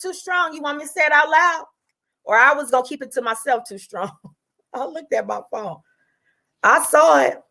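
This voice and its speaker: High-voiced woman in a profane rant. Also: creaky, pushed and bright. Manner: combative, profane, drawn out then rushed. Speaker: livestream host. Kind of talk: angry livestream rant.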